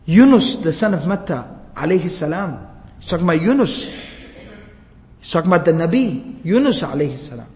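A man giving an animated religious lecture, retelling a story and explaining phrases by repeating and rephrasing them. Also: on the high side, fairly quick. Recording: long hall reverb.

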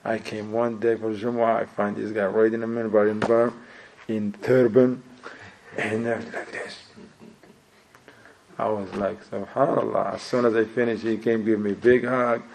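A man giving an informal sermon, telling a story in an animated way, acting out the people in it and mixing in phrases. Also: fairly low pitch, normal speed, creaky, slight background noise, poor audio. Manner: animated storyteller, acts out quotes, sprinkles Arabic phrases. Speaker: Islamic preacher.

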